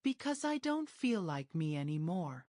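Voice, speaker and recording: A woman's voice: lowish voice, big pitch swings, measured pace, mellow, dry recording, studio quality. A woman narrator voicing a hurt, defiant young woman who speaks in an emotional, questioning way.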